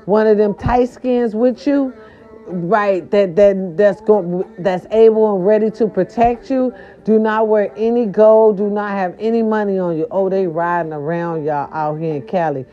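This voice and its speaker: A woman's voice: mid-range voice, measured pace, warm tone. A woman hosting a casual gossip podcast, chatty and emphatic, talking straight to her listeners. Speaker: podcast host. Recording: slightly dull audio with faint music.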